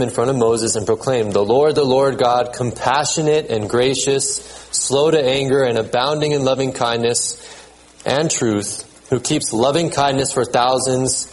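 Male pastor, relaxed sermon delivery, halting repeats, measured scripture reading. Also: mid-range voice, poor audio. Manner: conversational, repeats words, checks in with "okay?"; reads scripture aloud in a measured cadence.

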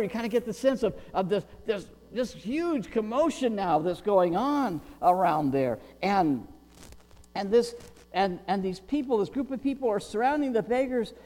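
A man preaching a sermon as pastor, animated, acting out a shouting crowd and pleading beggars. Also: extremely high pitch. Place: church sanctuary. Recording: long reverb with mains hum.

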